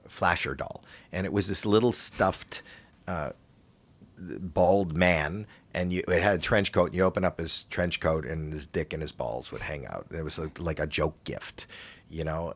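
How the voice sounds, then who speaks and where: An older man from Canada, a podcast guest, telling animated stories in casual chat with rambling restarts. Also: deep voice.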